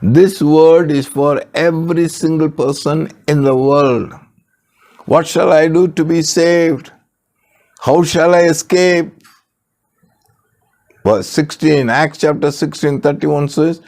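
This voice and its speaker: An older man preaching a sermon, slow and emphatic, repeating key phrases and asking rhetorical questions. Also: on the high side, a little mellow.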